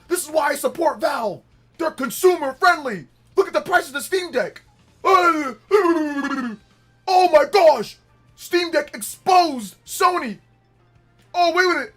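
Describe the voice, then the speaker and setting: A man putting on a shrill ranting fanboy. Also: full character voice. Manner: loud mocking shouts with laughs. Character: shrill ranting male gaming fanboy, insulting. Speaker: livestream host.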